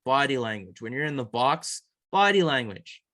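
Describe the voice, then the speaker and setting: A man's voice: mid-range voice, very animated, normal speed, sharp tone, no echo, clean studio sound. A man co-hosting a casual sports podcast, talking earnestly and restarting his sentences often. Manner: rambling, repeats and restarts, earnest. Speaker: podcast co-host.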